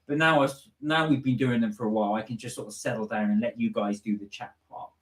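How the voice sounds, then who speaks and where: A man's voice: medium pitch, steady tone, fast talker, reverberant. A man co-hosting a live stream, casually reading out viewer comments and chatting about them. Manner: easygoing, reads out viewer comments. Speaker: co-host reading out live chat. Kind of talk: casual chat.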